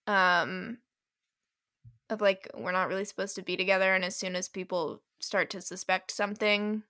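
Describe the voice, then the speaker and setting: A woman's voice: medium pitch, bright, forceful tone, clear, resonant tone, dry recording, clean studio sound. Wry young woman podcast co-host. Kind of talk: casual chat about romance novels.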